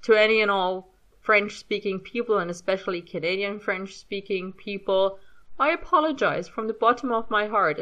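A woman in her thirties with a faint German accent talks casually in a bright, forceful voice. She rambles, restarts her sentences and pokes fun at herself, ending thoughts on a shrug. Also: medium pitch. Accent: light German. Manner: chatty, self-deprecating, rambling with restarts. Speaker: fan audio reader. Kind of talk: casual spoken commentary.

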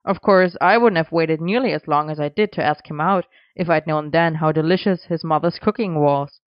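An earnest young man, protective and firm, as a storybook reader puts him on. The voice is smooth and clear. The recording is dry and a little dull. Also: mid-range voice, normal speed, no room sound, lightly acted.

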